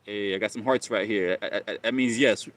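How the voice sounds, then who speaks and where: A man's voice: lowish voice, a little fast, a bit bright. A man hosting a live stream, talking casually and rambling, often repeating himself and calling listeners bro.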